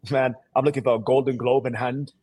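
A man's voice: medium pitch, flat delivery, brisk, a little mellow, slightly rough, no room sound. A man from Sierra Leone speaking with a put-on English accent, an actor talking energetically and boastfully as a guest co-host. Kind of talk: casual interview chat.

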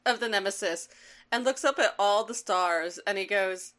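A woman co-hosting a podcast, playful and quick to laugh, acting out characters' lines as she recaps a cartoon. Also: medium pitch. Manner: playful, laughs often, acts out lines loudly. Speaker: podcast co-host. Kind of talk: casual chat recapping a cartoon.

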